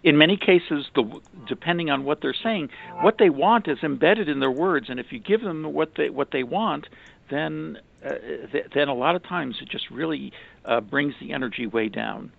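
A man explaining relationship advice in a halting, casual way, with many restarts and fillers. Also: fairly high pitch, expressive, creaky, a little hiss or hum. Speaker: relationship communication commentator. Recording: dry, phone-like narrow sound.

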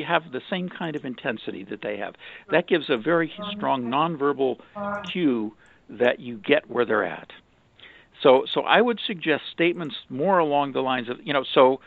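Gravelly man with a tinny sound. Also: on the high side, no echo. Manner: halting, many restarts and fillers. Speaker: relationship communication commentator. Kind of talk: casual talk, explaining advice. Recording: dry, phone-like narrow sound.

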